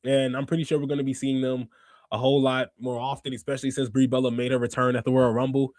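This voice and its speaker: A young man hosting a casual wrestling podcast livestream. He rants in an animated way and laughs often. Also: mid-range voice, quick pace, no echo. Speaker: podcast host.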